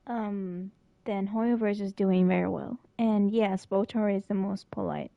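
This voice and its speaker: A woman's voice: medium pitch, a little slow, gravelly, no room sound, highs cut off. A young adult woman streamer reacting emotionally to a game story, tearful and laughing, on a close dry mic.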